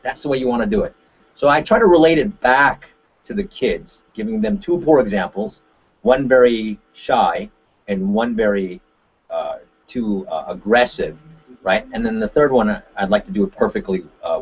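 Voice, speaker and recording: A man from Korea, a martial arts instructor, giving an animated webinar talk on a call and tagging his points with "right?". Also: on the low side, normal speed, slightly rough. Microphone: conference call line. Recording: dull lo-fi call audio.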